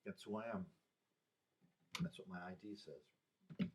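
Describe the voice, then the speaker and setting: A man in his sixties talking through personal memories in a rambling, halting way, with sighs and restarts. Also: low voice, fairly even intonation, slight background noise. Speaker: vlogger. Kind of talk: casual personal monologue.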